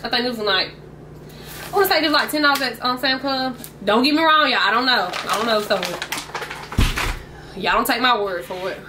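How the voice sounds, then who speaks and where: A woman's voice: a little high, animated, fairly quick, pauses often, noisy background. A young woman, chatting casually to her viewers at home about her groceries and calling them y'all. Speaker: vlogger. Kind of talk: casual grocery haul chat. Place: at home, indoors. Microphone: camera mic.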